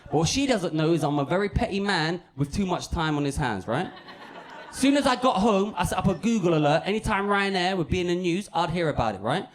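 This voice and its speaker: High-voiced stand-up comedian. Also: male voice, fairly quick. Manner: animated, punchy storytelling with a sweary, petty humour. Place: comedy club stage.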